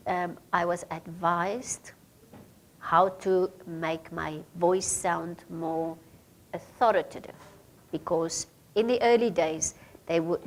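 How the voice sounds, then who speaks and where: Namibian lady running a radio training session, talks slow, lots of ums, asks the room questions. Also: lowish voice, gravelly, darkish tone. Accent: Namibian English. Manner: questions the group, hesitant fillers. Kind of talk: workshop talk to trainees.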